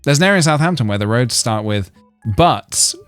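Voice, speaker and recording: A man chatting on a game stream, wandering from joke to joke as he reads out his chat. His pitch rises and falls a lot. Soft game music plays faintly underneath. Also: animated, a little fast, clean tone, no echo. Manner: rambling, joking asides, reading chat. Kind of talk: casual gaming stream chat.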